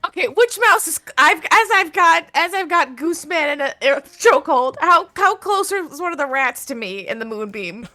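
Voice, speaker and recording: A woman playing a tabletop game with a very high, bright voice. She shouts in character with loud exasperation. Her pitch swings widely. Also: lively intonation, moderate pace, faint music behind. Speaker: player. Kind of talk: tabletop role-play.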